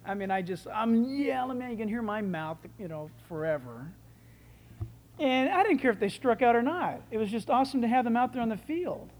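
Animated male preacher delivering a sermon. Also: extremely high pitch, a little fast, long reverb tail, slight background noise. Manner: animated and enthusiastic, with big swings in loudness.

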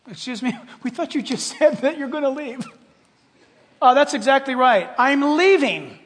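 A man preaching a sermon as a pastor, playful and animated, dropping to hushed asides and rising to shouts. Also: very high-pitched, normal speed. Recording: long hall reverb.

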